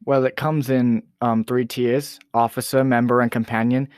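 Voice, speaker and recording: A man's voice: mid-range voice, flat delivery, moderate pace, a little mellow, clean tone, no echo, studio quality, close to an everyday voice. A man playing a boastful, self-important rapper who is a guest on a comedy talk show. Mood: smug. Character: boastful young male Canadian rapper, royalist.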